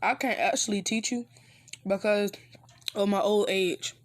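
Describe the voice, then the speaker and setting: A storyteller voicing an old male ninja master who is secretive and gruff, in a low, hushed voice, in an improvised fan story. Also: steady tone, unhurried, no echo, lightly acted. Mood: teaching.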